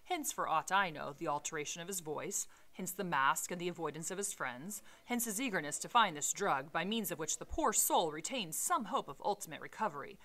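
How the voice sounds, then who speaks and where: Storybook read: woman as a calm, explaining male lawyer with a low-set voice. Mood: deliberate. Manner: deliberate, explaining. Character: measured, reasoning male lawyer. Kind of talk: storybook reading aloud.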